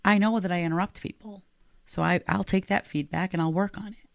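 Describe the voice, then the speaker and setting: A woman's voice: mid-range voice, steady tone, a little fast, vocal fry, no echo, clean studio sound. A woman podcast co-host and leadership coach, talking casually and earnestly and laughing easily.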